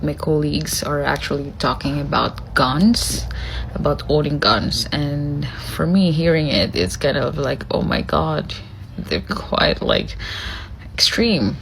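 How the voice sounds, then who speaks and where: A woman speaks hesitantly, with many pauses and fillers. Her voice is very low and slow, with gravelly fry, and a faint ambient noise sits behind her. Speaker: foreign worker. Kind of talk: casual talk to camera.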